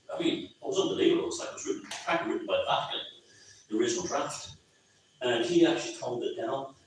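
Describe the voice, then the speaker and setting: A man's voice: medium pitch, a little hiss or hum. Irish man rambling in an echoey room. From Ireland. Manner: rambling, conversational, many restarts. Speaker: author speaking at his book launch. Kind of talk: informal public talk. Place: pub function room. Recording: very echoey, distant, lo-fi room recording.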